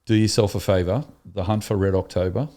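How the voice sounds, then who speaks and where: A man's voice: low-pitched, steady tone, brisk, dark tone. A man co-hosting a church podcast, chatting casually and telling a rambling story with enthusiasm. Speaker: podcast co-host. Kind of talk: casual chat.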